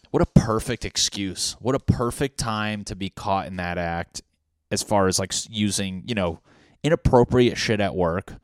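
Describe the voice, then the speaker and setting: A man with a deep, low voice riffs through a profane, rambling comedic rant full of fillers and restarts. The sound is dry and close, with no room echo. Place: home apartment.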